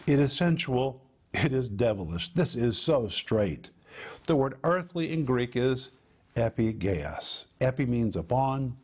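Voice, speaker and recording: A man's voice: medium pitch, a little mellow, husky. A man teaching on a televised Bible program, emphatic, breaking down Greek words one at a time and drawing out key words for emphasis.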